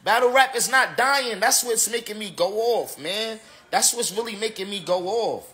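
His voice sits high, pushed and bright, at a moderate pace. This man is a battle rapper who's tipsy from drinking and ranting casually on a livestream, emphatic and repetitive and heavy on slang.

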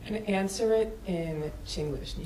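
A woman filmmaker speaking on a panel in a casual, chatty way, laughing often and filling her talk with fillers. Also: on the low side. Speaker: film director on a panel. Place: auditorium at a screening event. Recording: echoey hall from far off, faint noise.

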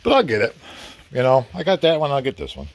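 A man's voice: mid-range voice, wildly swooping pitch, quick pace, dry recording. Chatty man rambling in his garage. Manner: rambling, chatty, mild cursing. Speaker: DIY vlogger. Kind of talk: casual home-project vlog. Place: home garage or workshop.

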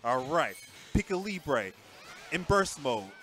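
A man giving live, casual commentary on a fighting game tournament, excitable and chatty, jumping between loud outbursts and low mutters. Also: slow.

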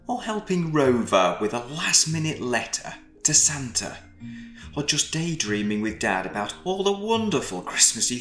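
A man reading a children's storybook aloud in an expressive, storytelling way. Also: mid-range voice. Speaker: storybook reader. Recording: echoey room. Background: faint background music.

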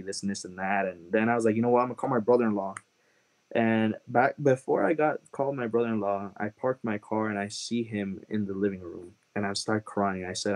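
Guest testimony: earnest man with a lowish voice, emotional, repeats himself for emphasis. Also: a little fast. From Chicago, USA.

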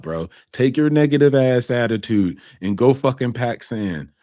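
A man rants through a reaction commentary, blunt and mocking, throwing in curse words as he goes. His voice sits at an ordinary pitch. It is recorded close and dry, with no room sound. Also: lively intonation, moderate pace, hardly any pauses, no room sound. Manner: blunt, mocking, swears freely. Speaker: host reacting to a documentary.

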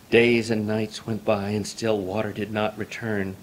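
A man reading a traditional folk tale aloud in a measured, formal storytelling manner. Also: lowish voice, flat delivery, slight background noise.

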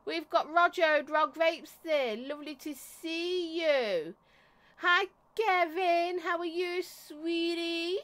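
Her voice is very high-pitched and a bit bright, and she takes things slowly. At home, this vape reviewer hosts a casual stream, greeting viewers by name with affection and pausing often to cough or clear her throat.

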